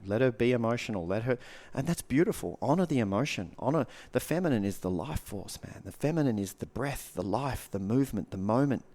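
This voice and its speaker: A man's voice: lowish voice, a little mellow. A man, a guest coach giving earnest advice in casual podcast talk, repeating short punchy phrases.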